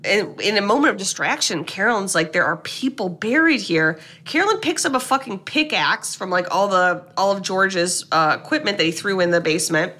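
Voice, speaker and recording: A woman co-hosting a podcast, recapping a horror movie in animated, sarcastic casual chat with some swearing. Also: medium pitch, brisk, hardly any pauses. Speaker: podcast co-host.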